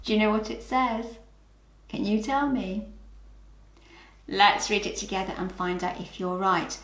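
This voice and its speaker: A woman's voice: mid-range voice, measured pace, a bit bright, reverberant. A woman with a British accent teaching children phonics, patient and encouraging, sounding out letters one by one. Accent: British English. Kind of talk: slow, clear early-years phonics lesson.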